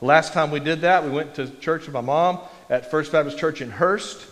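A man's voice: fairly high pitch, normal speed, fairly bright tone. A man preaching a conversational, self-deprecating sermon in a church. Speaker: pastor. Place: church sanctuary. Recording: long reverb of a large hall.

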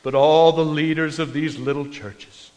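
A man imitating an elderly male preacher with a slow, sing-song, booming delivery. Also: fairly even intonation, a little mellow, natural voice. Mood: grand. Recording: long hall reverb.

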